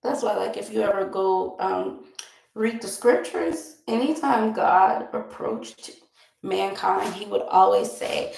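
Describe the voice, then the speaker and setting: A woman's voice: medium pitch, lively intonation, unhurried, vocal fry, reverberant, rough recording. A young woman vlogger chatting casually while doing her makeup, rambling and laughing often.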